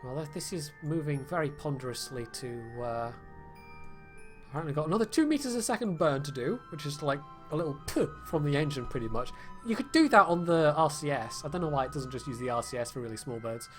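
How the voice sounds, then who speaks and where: This British man streams a game and talks briskly in an animated, higher voice, casually rambling with lots of fillers. He cracks wry jokes at his own expense while soft music plays in the background.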